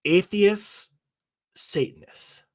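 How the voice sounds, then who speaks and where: A male co-host who rants sarcastically and mocks what he reads in slow, unhurried speech. His voice sounds dry and close, with no room echo. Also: sits high. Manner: sarcastic, mocking rant. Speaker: radio show co-host. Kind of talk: casual podcast banter.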